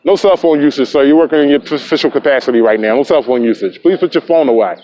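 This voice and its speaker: A man's voice: mid-range voice, fast, warm tone. A man filming police on a city street, taunting and lecturing them in a confrontational argument. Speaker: camera-carrying activist filming police. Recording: muffled lo-fi street recording.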